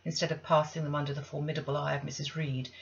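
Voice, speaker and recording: A woman's voice: sits low, level tone, gravelly. Woman reading a classic novel aloud, lo-fi. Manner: measured, deliberate reading with pauses. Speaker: audiobook reader.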